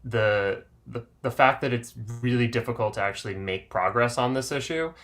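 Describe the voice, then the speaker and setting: A man's voice: mid-range voice, normal speed, a bit bright. A man co-hosting a political podcast, thinking aloud with many fillers and restarts. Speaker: podcast host. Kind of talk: political discussion.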